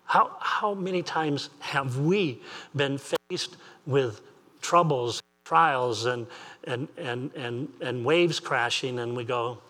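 A man's voice: mid-range voice, slow pace, pushed and bright. A man preaching an earnest sermon as pastor, repeating phrases and asking rising questions.

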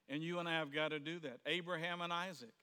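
A man's voice: on the high side, steady tone, fast talker, smooth, big-room sound. A man preaching a Sunday sermon in a conversational way, acting out the quoted voices of the people in his stories. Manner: conversational, plays out quoted voices, rises to sudden shouts. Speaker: pastor. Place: church sanctuary.

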